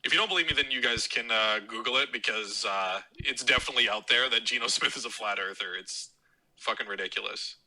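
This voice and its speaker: A man's voice: mid-range voice, fairly quick, pushed and bright, low-quality recording. A man leaving a voicemail, ranting about football and swearing constantly in a mocking, heated tone. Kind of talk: profane fan rant.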